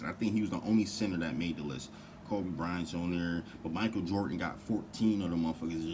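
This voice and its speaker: Deep, low-pitched man for a heated, profane, rambling vlog rant. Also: darkish tone, a little hiss or hum. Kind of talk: casual rant to camera.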